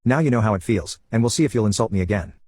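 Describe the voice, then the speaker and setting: A man's voice: fairly low pitch, lively intonation, racing, darkish tone, no room sound. A man voicing a taunting, mocking wife within a narrated story, staying close to his own voice.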